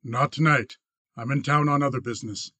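A big, unsmiling rancher speaks softly and briefly, holding himself in check, as a male narrator reads him. The sound is close and dry, at an even middle pitch. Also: fairly quick, dry recording. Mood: grim. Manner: soft, curt. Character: big hard rancher, quiet, grim.

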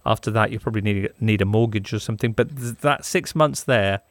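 A man's voice: fairly low pitch, fairly quick, dry recording. A man hosting a podcast, reading ads in a jokey, playful way. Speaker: podcast host. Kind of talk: casual podcast chat and ad read.

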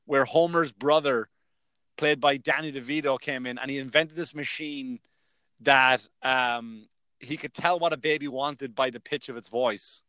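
A man's voice: mid-range voice, fairly even intonation, measured pace, pushed and bright, clear, resonant tone, no echo. A man with an Irish accent in his thirties, telling stories in casual chat, swearing and laughing often. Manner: profane, laughing storyteller.

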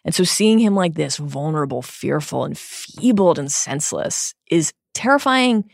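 A woman co-hosting a book discussion podcast, giving measured, reflective analysis that builds lists for emphasis. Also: deep voice, lively intonation, vocal fry, dry recording, studio quality. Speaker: podcast co-host.

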